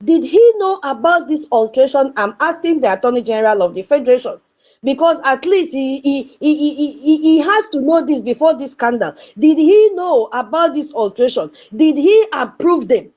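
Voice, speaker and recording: A woman's voice: high-pitched, lively intonation, normal speed, darkish tone. A Nigerian woman giving an impassioned political commentary, repeating her points and asking her audience rhetorical questions.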